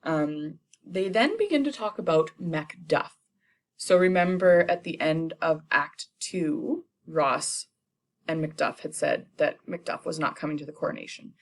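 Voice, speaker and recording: With a low voice and lively intonation, a young female teacher chats her way through a play's retelling for students, using slang and quick playful character voices.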